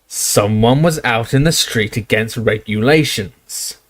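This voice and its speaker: A man voicing suspicious, menacing dark-wizard henchmen who talk curtly. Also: mid-range voice, unhurried, lightly acted. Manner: curt, threatening.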